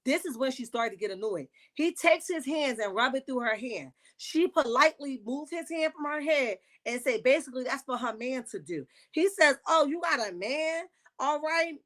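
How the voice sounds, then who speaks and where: A woman, recapping a reality show on a casual livestream with sassy, animated asides. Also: sits high, normal speed, few pauses.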